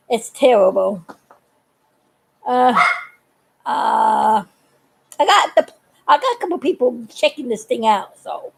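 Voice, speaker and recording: A woman's voice: sits high, low-quality recording. An older woman chatting on a live video, talkative and earnest, laughing often as she gives warnings. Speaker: vlogger. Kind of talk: casual live video chat.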